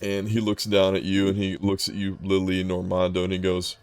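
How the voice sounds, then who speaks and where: A man's voice: deep voice, completely flat delivery, fairly quick, smooth, dry recording, soft background music. A man narrating a tabletop game as dungeon master, describing scenes loosely and casually.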